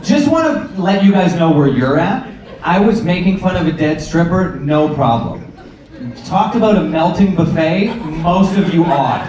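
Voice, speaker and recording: A man in his thirties doing a stand-up comedy set, sarcastic with deadpan asides and sudden acted-out voices. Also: fairly high pitch, moderate pace, a little hiss or hum. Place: comedy club stage, from far off. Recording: roomy club sound, distant mic, crowd laughter.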